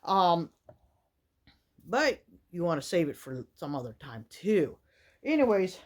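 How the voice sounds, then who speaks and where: A woman's voice: on the low side, very animated, slow. A woman, vlogging in a casual, rambling way with many fillers from a small wooden shack in the winter woods. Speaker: outdoor vlogger. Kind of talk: casual chat to camera.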